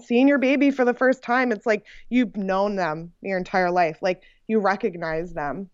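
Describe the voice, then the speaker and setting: A woman's voice: medium pitch, no room sound, lo-fi sound. Chatty young woman telling a story. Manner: animated, frequent "like" fillers and laughs. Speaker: podcast guest sharing her birth story. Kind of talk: casual conversational storytelling.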